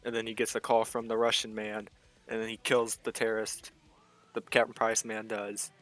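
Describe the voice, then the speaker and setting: A young man casually chats about a game's story, rambling from one event to the next with "and then." His fairly low voice is monotone and a bit bright, at a moderate pace, as he explains the lore.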